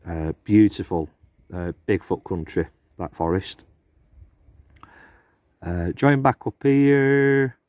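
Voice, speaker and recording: Rambling hiker, dull outdoor audio. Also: male voice, deep voice, takes it slowly, pauses often, no room sound. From England. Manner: rambling, chatty, relaxed. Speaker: hiker vlogger. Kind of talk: casual outdoor vlog narration. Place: outdoors on a hiking trail and campsite.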